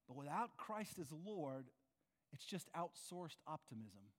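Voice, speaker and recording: A man's voice: on the high side, very animated, a little slow. A man preaching a sermon as pastor, earnest and conversational, often asking his listeners questions. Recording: long reverb of a large hall.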